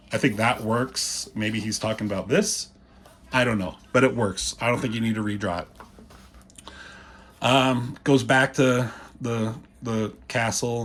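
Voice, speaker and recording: A man's voice: lowish voice, fairly bright tone, slight background noise. A man casually walking through comic pages, rambling and swearing, acting out the characters' lines as he goes. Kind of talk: casual commentary.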